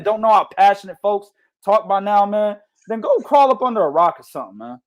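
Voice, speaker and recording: A man hosting a boxing podcast, talking in a loud, passionate and profane casual way. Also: high-pitched, animated, fairly quick. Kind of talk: heated casual chat.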